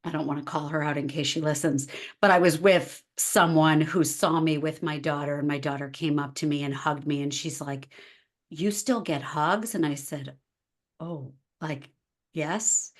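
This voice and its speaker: A woman's voice: low voice, fairly quick, few pauses. A woman in her forties, a life coach talking as a podcast guest in casual conversation, acting out quoted dialogue as she tells stories. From United States. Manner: animated, acts out quoted dialogue.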